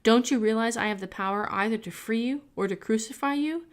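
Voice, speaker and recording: A woman reading the lines of a stern male Roman governor in a Bible reading, questioning and measured. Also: fairly high pitch, voice pushed up, natural voice.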